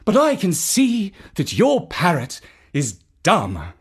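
A haughty lizard lady in a storybook, cold and unimpressed, drawing out her words with a slow, deliberate disdain, as a woman puts her on. Her voice is soft and breathy. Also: on the low side, wildly swooping pitch, pitched above the performer's own voice, heavily acted. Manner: slow, cross, condescending.

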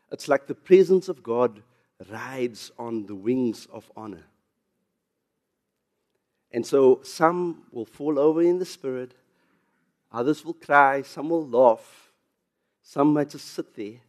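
A South African pastor preaching a sermon, getting louder and higher on emphasis, with chuckles and asides. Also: male voice, expressive, slow, pauses often.

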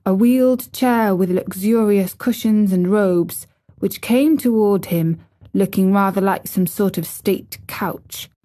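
Slow, measured woman narrating a book. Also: mid-range voice, warm tone. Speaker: audiobook narrator. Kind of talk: audiobook reading.

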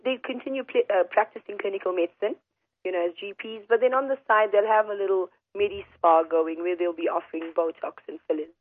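A hoarse woman doctor speaks as a radio guest, explaining her field in a measured way with fillers. Her pitch is middling. She comes through a thin telephone line with no room sound. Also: no room sound. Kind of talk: phone-in radio interview. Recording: tinny phone line on radio.

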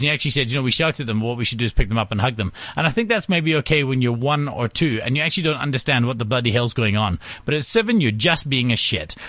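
A man's voice: mid-range voice, fairly bright tone, no room sound. Middle aged guy ranting, blunt, dry room sound. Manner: blunt, ranting, acts out quotes. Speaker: podcast co-host. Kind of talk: casual chat.

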